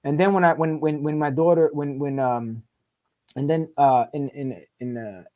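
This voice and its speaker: A man's voice: fairly high pitch, fairly even intonation, moderate pace, darkish tone. A man telling his life story as a podcast guest, in profane street slang, often asking "right?" and repeating words in bursts. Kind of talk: casual storytelling interview.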